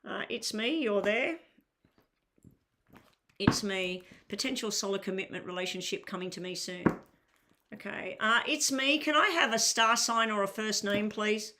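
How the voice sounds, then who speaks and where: On a live-stream tarot reading, a weary woman with a crackly, medium-pitched voice talks to her chat at a measured pace. She's chatty and leans heavily on filler words while asking viewers to clarify what they mean.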